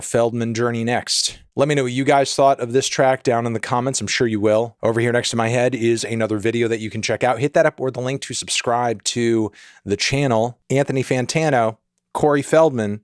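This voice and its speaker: Jokey, animated male music critic. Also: dry recording, clean studio sound. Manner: animated and jokey, with sudden pitch jumps. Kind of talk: casual video review.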